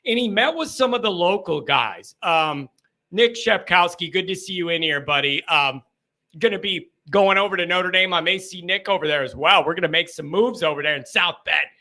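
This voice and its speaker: A man hosting a live sports call-in show, excitable and loud, riffing and telling stories to his callers. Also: sits high, normal speed. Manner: hyped, loud, riffing storyteller.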